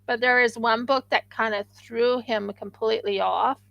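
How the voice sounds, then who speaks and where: A woman's voice: a little high, fairly even intonation, normal speed, gravelly, fairly bright tone, dry recording, lo-fi sound. A woman hosting a craft livestream, chatting casually and rambling with frequent restarts.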